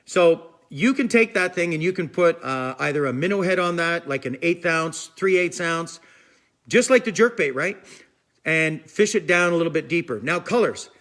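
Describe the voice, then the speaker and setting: Man, fishing stream host; chatty, rambling, a touch high-pitched. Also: lively intonation, normal speed, a bit bright. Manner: rambling, chatty, repeats "I'm telling you". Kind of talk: casual live stream chat, answering viewers.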